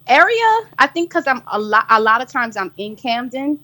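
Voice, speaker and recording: A woman's voice: fairly high pitch, very animated, fairly quick, pushed and bright. An American woman from New York City, a musician guest chatting casually and upbeat on a radio interview. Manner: chatty and upbeat, lots of "like" and "you know".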